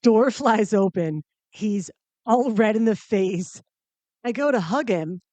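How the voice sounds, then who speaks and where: A woman's voice: mid-range voice, expressive, slow pace, dark tone, dry recording. Wry woman podcast host, dry sound. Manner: wry, self-mocking, exaggerating for laughs. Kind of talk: comic storytelling monologue.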